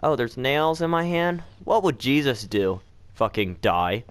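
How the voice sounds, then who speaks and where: A man's voice: medium pitch, very animated, unhurried, slight background noise. A man giving casual, profanity-filled commentary while playing a horror game, jumpy and nervously joking. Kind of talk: casual let's play commentary. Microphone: desk mic.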